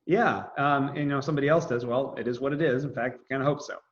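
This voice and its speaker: A man's voice: medium pitch, fairly even intonation, fast, muffled recording. A man teaching a classroom lecture, talking casually, thinking aloud with fillers and restarts.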